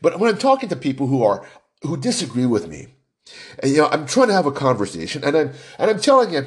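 A man hosting a podcast, talking in an animated, emphatic way with lots of restarts and "right?" tags. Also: a little high. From United States. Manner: deliberately animated and emphatic, pushing his voice up for effect. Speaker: podcast host. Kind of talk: animated solo podcast monologue.

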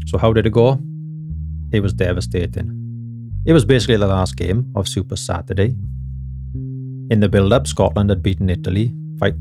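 A man's voice: lowish voice, creaky. A Welsh man hosting a podcast, telling stories with passion and self-mocking humor. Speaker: podcast host. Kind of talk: casual chat.

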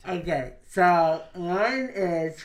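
A man's voice: sits high, drawn-out words. A young man teasing his friends during a party game, laughing often. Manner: giggly, teasing. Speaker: game player. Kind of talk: casual chat with friends.

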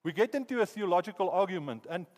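South african preacher guy telling a story, kinda high voice, long echo in a big hall. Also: quick pace. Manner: animated storytelling, hypothetical anecdotes. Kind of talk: sermon.

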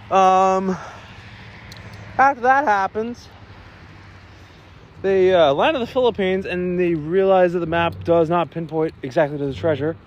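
A man recapping a film in a casual, rambling way, an excitable fan with many fillers. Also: on the high side. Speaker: video creator recapping a film. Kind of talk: casual movie recap and reaction.

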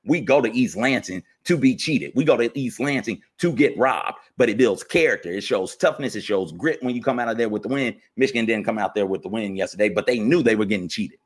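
A man, fired up and ranting about football as a podcast co-host, jumping from loud outbursts to low grumbles. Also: animated, fairly quick, hardly any pauses, husky. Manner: fired-up, swings from shouting to muttering. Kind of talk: heated sports rant.

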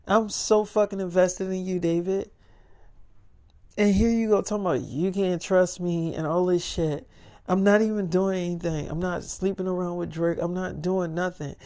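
A man's voice: high voice, dark tone. A man voicing a young woman celebrity who is his clingy, insistent lover, talking in a profane, pleading, defensive way.

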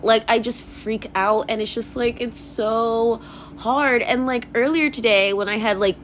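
A woman's voice: fairly high pitch, slight background noise. A young woman hosting her own podcast, rambling in a casual confessional rant, swearing freely and laughing often. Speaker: podcast host.

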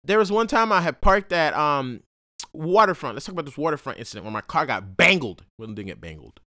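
A young man telling his stories in a slangy, swearing, animated way, with his voice swinging widely up and down. His pitch sits a little high, and the recording is dry and close. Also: fairly quick, dry recording. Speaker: podcast host and college student. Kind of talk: casual storytelling monologue.

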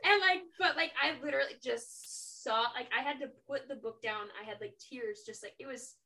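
A woman's voice: fairly high pitch, moderate pace, sharp tone. A young woman co-hosting a book podcast in casual chat, retelling scenes emphatically. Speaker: podcast co-host.

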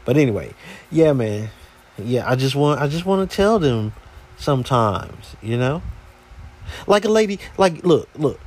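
A man's voice: medium pitch, sing-song, unhurried, darkish tone. A man hosting a podcast, telling a story in a casual, slangy, exasperated way. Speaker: podcast host.

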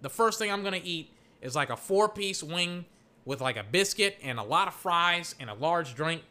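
A young man from Texas rambling casually, full of filler words, breaking into excited play-by-play as he watches football. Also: a little high, moderate pace. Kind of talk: casual rambling chat while calling a football game.

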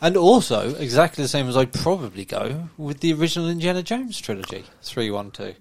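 Mid-pitched male co-host, animated and wry in casual podcast banter. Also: fairly quick. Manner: dry, teasing banter.

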